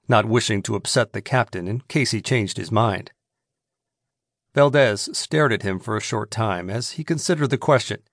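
A man narrating a western audiobook in a steady, measured storytelling manner. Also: lowish voice, no room sound, studio quality.

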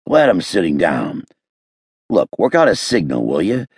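A man voicing a sour, hungover police lieutenant who talks gruffly and sarcastically. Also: low-pitched, wildly swooping pitch, measured pace, dry recording, clean studio sound, full character voice.

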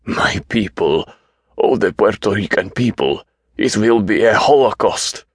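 A man voicing a delusional older man who calls himself a king, speaking in slow, emphatic, agitated pronouncements. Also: on the low side, lively intonation, breathy edge, no echo, studio quality, pitched above the performer's own voice. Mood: fearful.

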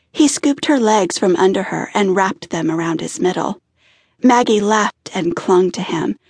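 A woman reading a romance audiobook in an expressive, intimate style. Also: mid-range voice, unhurried, slightly rough, no room sound, studio quality. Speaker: audiobook narrator. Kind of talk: scripted narration.

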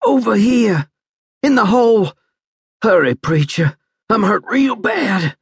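A man's voice: mid-range voice, expressive, moderate pace, creaky, fairly bright tone, breathy edge, no echo, clean studio sound, voice pushed up, heavily acted. A man voicing a badly wounded young soldier who pleads in pain, panicky and gasping. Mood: frightened.

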